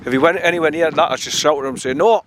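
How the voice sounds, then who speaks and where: Man vlogging on a dog walk, slightly high voice, camera mic buffeted by heavy wind. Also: steady tone, racing. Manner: rambling and chatty, with a coaxing higher voice for the dog. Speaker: vlogger walking his dog. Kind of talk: casual walk-and-talk narration. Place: outdoors on a woodland trail by a stream. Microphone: handheld camera mic. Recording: loud wind noise on the mic.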